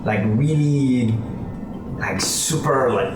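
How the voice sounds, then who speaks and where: A man narrating a tabletop game as game master, unhurried and full of fillers. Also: medium pitch, background noise. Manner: unhurried, filler-heavy narration with character voices. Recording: echoey room from far off with music.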